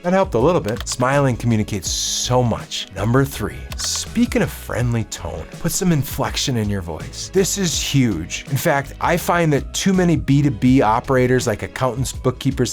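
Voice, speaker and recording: A man giving a solo business coaching talk, upbeat and emphatic, with lively swings in pitch. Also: moderate pace, few pauses, faint music behind.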